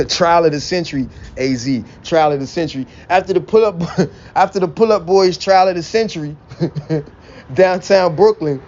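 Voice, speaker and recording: A man's voice: fairly high pitch, moderate pace, a little mellow. A man in a blunt, profane, preachy rant, quoting scripture and laughing between points. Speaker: religious vlogger. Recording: dull lo-fi recording with faint vehicle noise.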